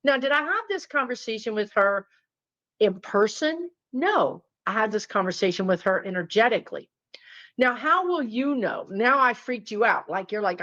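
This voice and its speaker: A woman's voice: a little high, lively intonation, moderate pace, fairly bright tone, dull audio. A woman spiritual teacher telling a story casually to her viewers, talking to them directly. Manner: chatty, talks to viewers directly.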